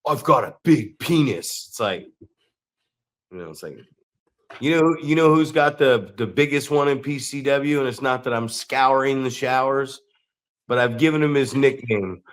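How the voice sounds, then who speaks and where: A man's voice: mid-range voice, moderate pace. A man co-hosting a wrestling podcast, telling crude rambling stories in casual chat and slipping into quoted voices. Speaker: podcast co-host.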